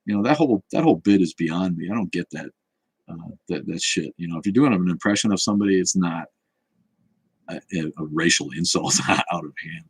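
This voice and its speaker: A man's voice: low-pitched, a little fast, slightly rough, no echo. A man hosting a casual livestream chat, answering comments in a rambling, blunt and profane way. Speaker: show host.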